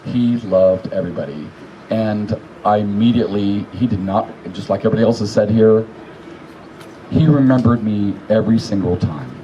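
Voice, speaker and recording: A man telling profane, animated stories as a eulogy, acting out what people said. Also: on the low side, normal speed, lo-fi sound, slight background noise. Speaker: speaker at a memorial gathering. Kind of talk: informal eulogy storytelling.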